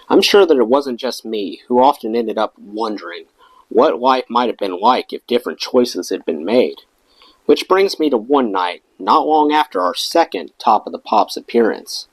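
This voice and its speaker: A man reading a rock memoir aloud in an expressive storytelling manner. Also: medium pitch, no room sound, low-quality recording. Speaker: audiobook reader.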